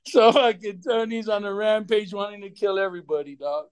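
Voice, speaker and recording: A man's voice: high-pitched, a little slow, long pauses, clean tone, dry recording. A man in casual chat, telling loose stories with plenty of swearing and slang.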